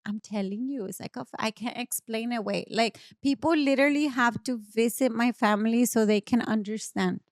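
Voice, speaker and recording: Podcast guest: woman, high voice, dry studio sound, animated storyteller who laughs a lot. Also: fairly quick, hardly any pauses, no room sound. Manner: animated, laughing, switching between English and Spanish. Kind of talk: casual storytelling chat.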